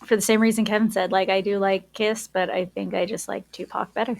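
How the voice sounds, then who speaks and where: A woman's voice: mid-range voice, flat delivery, a little fast, creaky, a little mellow. A woman co-hosting a casual podcast, playful and cheeky as she gives her picks. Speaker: podcast co-host.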